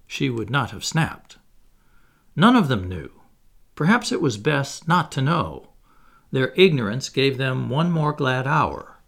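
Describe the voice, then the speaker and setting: Gravelly, expressive male storyteller. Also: mid-range voice. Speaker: narrator. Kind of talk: audiobook reading.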